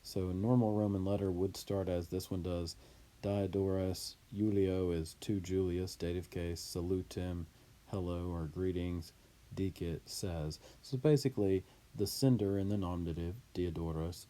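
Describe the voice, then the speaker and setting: Deep, slow, dark-voiced man teaching Latin. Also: steady tone. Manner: deliberate, explains word by word. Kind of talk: reading and explaining a Latin text.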